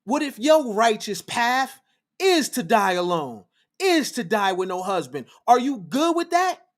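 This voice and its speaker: Fiery preaching man with lively pitch. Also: a little slow. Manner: fiery, lecturing, repeats phrases for emphasis. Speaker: livestream host. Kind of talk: preachy livestream monologue.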